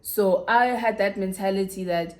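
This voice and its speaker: A woman's voice: mid-range voice, normal speed, a little mellow. A young South African woman with a South African accent, frankly telling a personal story to her viewers in casual, slangy chat. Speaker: YouTuber.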